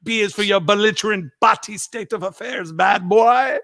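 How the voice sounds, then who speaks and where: A man's voice: high voice, moderate pace, gravelly, pitched above the performer's own voice. A man voicing a drunk, furious Jamaican father who rants insults in a Jamaican accent. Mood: drunk, ranting. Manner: ranting alphabet insults, shouting.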